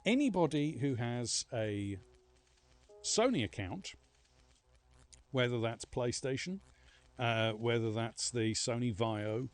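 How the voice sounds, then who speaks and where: A man's voice: medium pitch, expressive, takes it slowly, long pauses. A man streaming a game live, chatting casually with viewers in a rambling, self-mocking way. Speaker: livestreaming gamer. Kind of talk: casual live gameplay chat.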